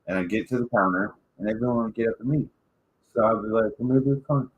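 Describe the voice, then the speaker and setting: A Michigan man hosts a casual podcast, spinning rambling, animated stories full of profanity. His voice is lowish and quick, the sound is phone-quality, and there's slight background noise.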